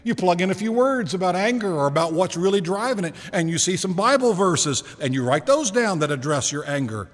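A man's voice: sits high, lively intonation. Man preaching in a reverberant hall. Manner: conversational preaching with rhetorical questions and slowed emphasis. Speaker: pastor. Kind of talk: sermon. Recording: long reverb of a large hall.

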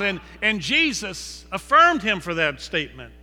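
A man preaching a sermon that retells a scripture story dramatically, moving between loud emphasis and hushed low passages. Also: wildly swooping pitch, unhurried, hardly any pauses. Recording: long reverb with faint music behind.

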